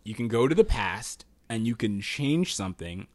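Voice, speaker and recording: Excitable male podcast host, dry sound. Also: mid-range voice, normal speed, no room sound. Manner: excitable, laughs easily, thinks out loud. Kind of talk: casual podcast chat.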